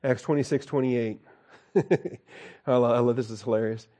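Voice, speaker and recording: A man leads a Bible study in a dark, mellow voice. He reads scripture aloud and then adds folksy, conversational asides, often with a chuckle. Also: medium pitch, fairly even intonation, unhurried. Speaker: Bible teacher.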